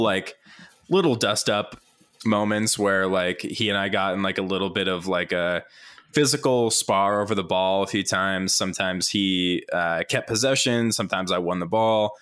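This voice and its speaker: A young man telling a long story in casual chat, full of "like" fillers, laughing often and jumping up in pitch to mimic people. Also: moderate pace, clean tone. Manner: animated, mimics others in higher voice.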